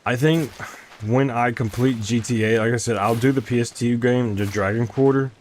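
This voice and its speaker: A man's voice: mid-range voice, steady tone, moderate pace, a little mellow, a little hiss or hum. A young man chatting casually with his stream while playing a game, rambling and often restarting his sentences. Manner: rambling, self-interrupting, chatty. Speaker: gaming streamer. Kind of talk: casual gameplay chat with chat.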